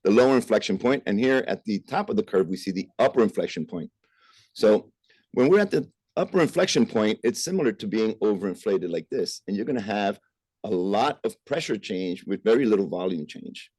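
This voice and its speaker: A man with a low, mellow voice lectures on medicine to a remote audience. He explains step by step, dropping in "uh" and asking "right?" to check along. The sound is close and dry. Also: big pitch swings, fairly quick, dry recording. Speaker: physician lecturer. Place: remote presentation over a call.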